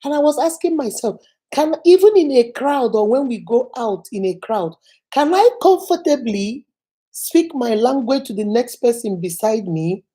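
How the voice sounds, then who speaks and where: A woman's voice: on the high side, dark tone. A middle-aged Nigerian woman, a native Igbo speaker with a Nigerian accent, giving an earnest motivational talk to camera and telling stories, repeating phrases for emphasis. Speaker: vlogger.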